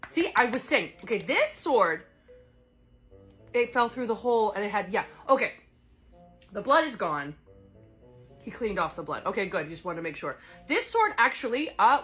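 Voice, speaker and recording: A woman of medium pitch and a slightly bright tone improvises a solo role-play. Her character is a chatty goddess stranded in another world, scattered but caring, and she rambles along with fillers and frequent self-corrections.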